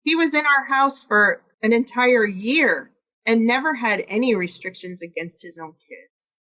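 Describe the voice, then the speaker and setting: A woman's voice: a little high, a little slow, sharp tone, lo-fi sound. A woman from Iowa, a podcast guest, candidly telling a personal story and acting out quoted dialogue.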